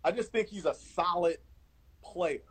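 A man's voice: sits high, measured pace, breathy edge, rough recording. A man in his forties, a basketball scout, chatting casually in an interview and repeating his words as he goes. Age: 40s. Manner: repeats words, animated storyteller.

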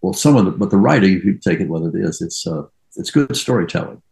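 Older male actor, very low gravelly voice, rambling anecdotal storyteller. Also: animated, quick pace, darkish tone, poor audio. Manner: rambling, reminiscing, trails off and restarts. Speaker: actor being interviewed. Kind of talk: casual anecdotal interview.

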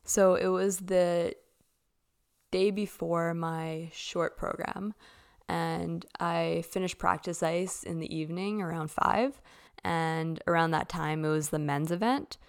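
A young Canadian woman, a figure skater who hosts a podcast, tells stories casually and chattily, with "like" in nearly every sentence. Her voice is fairly low and clear, with a resonant, creaky tone. She speaks slowly and her intonation stays fairly even.

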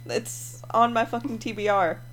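A young woman co-hosting a casual book chat, animated and quick to laugh. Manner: animated, laughing, acts out quotes in a higher voice. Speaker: podcast co-host.

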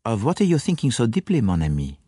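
A man voicing a fussy, vain, dapper little male detective with precise, fastidious phrasing in an audiobook. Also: mid-range voice, wildly swooping pitch, mellow, slightly rough, no echo, clean studio sound, pitched above the performer's own voice. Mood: curious. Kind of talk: audiobook character voice.

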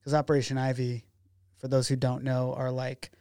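A man's voice: medium pitch, normal speed, smooth, no echo, clean studio sound. A man, a documentary filmmaker guest, chatting casually in an interview and acting out the dialogue in his stories. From Oregon. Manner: animated storyteller who acts out quoted dialogue.

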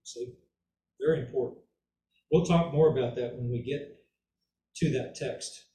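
A man's voice: mid-range voice, unhurried, mellow, slight background noise. A man giving an informal Bible teaching who keeps checking in with "okay?" and "right?" and repeats words for emphasis. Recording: echoey room, mic far off, faint ambience.

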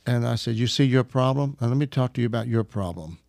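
A man's voice: medium pitch, quick pace, a little mellow, no echo, clean studio sound. A man from Arkansas telling a story in casual conversation, chuckling as he goes. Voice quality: gravelly, laughs while telling stories.

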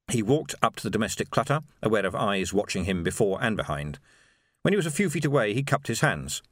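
A man narrating an audiobook in an expressive, animated storytelling manner. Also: lowish voice, normal speed, dry recording, studio quality. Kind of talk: scripted narration.

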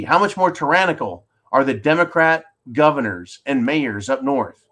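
A man's voice: medium pitch, a bit bright. A man from California hosting a political show, ranting bluntly and sarcastically as he reads out viewer questions. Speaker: host of a political call-in show.

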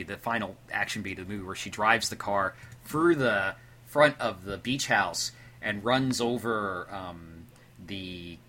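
A man with a low, bright voice talks through a film scene on a podcast. His delivery is loose and rambling, full of fillers and restarts. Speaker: podcast co-host. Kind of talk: casual movie discussion.

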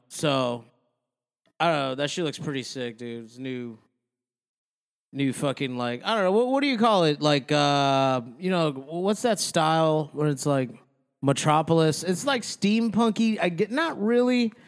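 A man's voice: a little high, expressive, unhurried, smooth. A young man with a slightly raised voice talks in a laid-back, slangy way, dropping swear words easily. He sounds like a casual podcast co-host trading talk with a friend. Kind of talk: casual chat.

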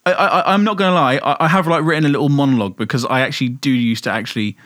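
A man's voice: medium pitch, racing, a bit bright, dry recording, studio quality. A young man, co-hosting a podcast in casual, sweary, self-mocking banter, laughing often. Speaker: podcast co-host.

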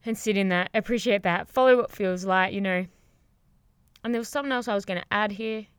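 Huddled under blankets with the mic right at her mouth, this podcast host and yoga teacher rambles cheerfully through motivational talk, cursing freely and laughing a lot. Her medium-pitched voice is smooth and fairly quick. There's no room sound at all.

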